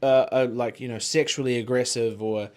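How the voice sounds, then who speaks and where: A man talking loosely on a podcast, mid-pitched and rambling. He swears freely and leans on "like" and "you know" while he chats. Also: fairly even intonation, brisk, a little mellow. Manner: rambling, swears freely, frequent filler words. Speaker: podcast co-host. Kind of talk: casual chat.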